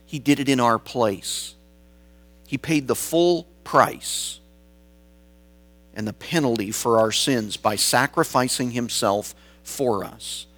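A man preaching a sermon, slow and deliberate, building his points through repeated phrases. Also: mid-range voice, fairly bright tone. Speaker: pastor.

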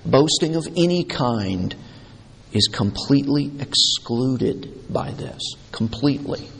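Slow emphatic male preacher. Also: medium pitch, animated, creaky, a bit bright, breathy edge. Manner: deliberate, emphatic, repeating key words. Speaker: pastor. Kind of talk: sermon. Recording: long hall reverb.

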